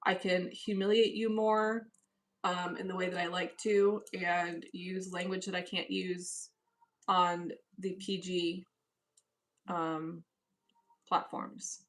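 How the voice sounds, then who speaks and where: A woman's voice: on the low side, little pitch movement, slow. A woman hosting a live stream from home, reading chat messages aloud and answering in a cool, dismissive casual manner. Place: at home, indoors.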